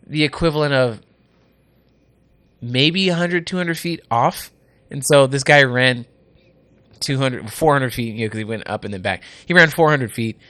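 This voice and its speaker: A man who hosts radio, chatting casually on a podcast and telling animated stories that act out the people he quotes. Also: mid-range voice, no echo. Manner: animated, acts out quoted people, laughs often. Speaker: radio host and race organizer. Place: indoor podcast studio.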